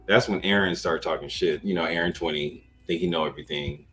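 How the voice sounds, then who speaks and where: A man's voice: low-pitched, a little fast, a bit bright, faint music behind, poor audio. A man hosting a podcast, telling a rambling story in a laid-back, profane, casual way. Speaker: podcast host.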